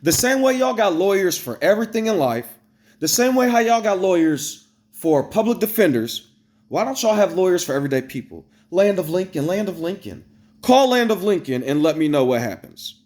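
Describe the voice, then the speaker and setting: A man telling a story straight to his viewers in a casual, blunt, profane rant, swinging between loud exclamations and low asides. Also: big pitch swings, fairly quick. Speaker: vlogger. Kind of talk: casual ranting storytelling to camera.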